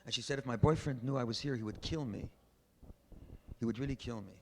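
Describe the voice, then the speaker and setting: A medium-pitched male voice, a little fast, belongs to a man preaching as a rabbi. He tells a story and pushes his points through emphatic bursts that climb to loud exhortations. Recorded at an event in a large synagogue hall, the archival audio has faint background noise.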